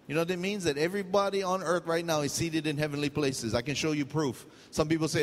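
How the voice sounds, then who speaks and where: Middle-aged man, Hawaiian accent, pastor's sermon, joking storyteller, fairly high voice, long hall reverb. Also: fast talker, few pauses. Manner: storytelling, jokey, loose pidgin asides.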